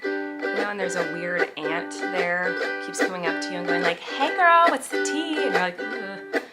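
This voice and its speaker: A man's voice: high voice, normal speed, pitched above the performer's own voice, natural voice. A man voicing a woman YouTuber who gives an airy, chatty apology video over ukulele. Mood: breezy. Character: woman YouTuber giving a breathy, sing-song apology video. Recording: loud ukulele music, distant mic.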